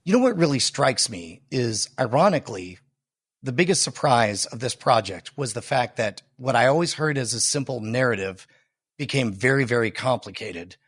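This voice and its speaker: A man's voice: mid-range voice, expressive, normal speed, a bit bright, husky, dry recording, studio quality. Man talking up a true-crime podcast. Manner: dramatic movie-trailer delivery at times. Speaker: podcast guest. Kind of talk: casual chat.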